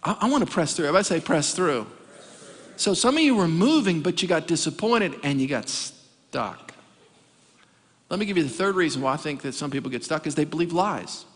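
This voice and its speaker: A man with a notably high voice preaches with emphatic force, repeating key lines and prompting the crowd to respond. His words carry a long reverb tail, as in a large church auditorium. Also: lively intonation, a little fast, husky. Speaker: pastor. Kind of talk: sermon.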